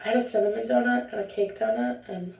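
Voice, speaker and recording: Talking to the camera at home, a young vlogger rambles and chats, cutting herself off often. Her voice is a little high, gravelly yet a little mellow, steady in tone and quick in pace, heard from a distance in a roomy, echoing space.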